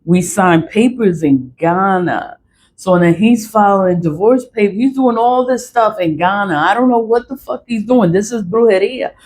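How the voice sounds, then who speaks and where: A woman's voice: medium pitch, moderate pace, a little mellow, slight background noise. Blunt, profane woman venting a story. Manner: emphatic, repeats herself for stress. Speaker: vlogger. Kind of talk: casual storytelling monologue.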